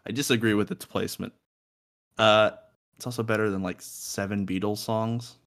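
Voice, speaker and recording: A young man with a fairly low voice talks casually on a music podcast from a room at home. He jokes, swears freely and laughs often between his points. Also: fairly even intonation, normal speed, fairly bright tone. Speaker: podcast co-host.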